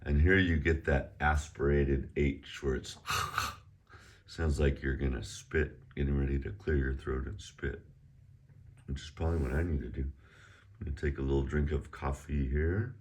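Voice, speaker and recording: A middle-aged man teaching a casual online Chinese lesson, chatty and relaxed, drawing out the tones slowly as he models them. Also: a bass voice, a little hiss or hum.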